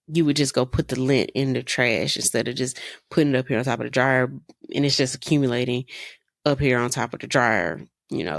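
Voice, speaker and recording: A woman's voice: very deep voice, creaky, no echo, clean studio sound. A woman in her thirties hosting a podcast, telling stories in a casual, exasperated way and firing off rhetorical questions. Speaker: podcast host. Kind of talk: casual monologue.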